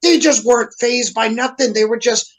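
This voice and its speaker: A man on a heated, profane rant in casual podcast chat, animated and cursing constantly. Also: very high-pitched, moderate pace, rough recording. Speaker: podcast regular.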